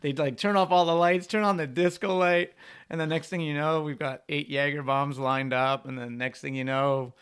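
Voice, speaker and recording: A young man from Canada, a pro freeskier, telling a rambling, animated story on a podcast and saying "like" a lot. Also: a little high, moderate pace, smooth. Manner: animated, rambling anecdotes full of "like".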